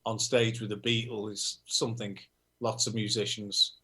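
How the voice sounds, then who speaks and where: A man from Liverpool with a Liverpool accent, a musician guest telling anecdotes in a relaxed, self-deprecating way. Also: lowish voice, normal speed. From Liverpool, England. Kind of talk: casual interview chat.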